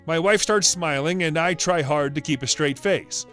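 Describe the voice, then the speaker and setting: A man in scripted narration, reading out a story with a brisk storytelling manner. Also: a little high, fairly bright tone, faint music behind.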